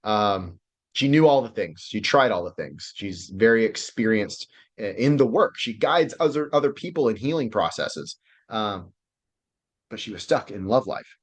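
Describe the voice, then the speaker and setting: Man with a lowish voice, relationship coach, loose, profane and excitable delivery, video-call sound. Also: moderate pace. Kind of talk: casual online class presentation.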